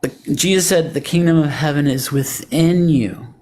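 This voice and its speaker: Earnest man with a fairly high voice. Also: normal speed, darkish tone. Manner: earnest, insistent, quotes scripture. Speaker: Christian debater. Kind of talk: earnest debate call.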